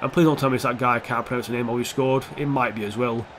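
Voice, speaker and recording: A man's voice: medium pitch, fairly even intonation, fast talker, fairly bright tone, a little hiss or hum. Sweary young man commenting a game. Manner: sweary, sarcastic, talks to the players on screen. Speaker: gaming YouTuber. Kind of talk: casual gameplay commentary.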